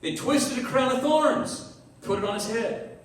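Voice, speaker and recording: This pastor's voice is extremely high and a little slow as he delivers a conversational sermon, performing the voices of characters in his story. The recording comes from a distance in an echoey church hall.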